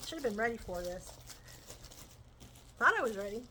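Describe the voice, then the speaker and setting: A woman's voice: on the high side, animated, moderate pace, pushed and bright, slight background noise, low-quality recording. A woman chatting enthusiastically as she shows off her crochet purchases. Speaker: crochet vlogger. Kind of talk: casual show-and-tell chat.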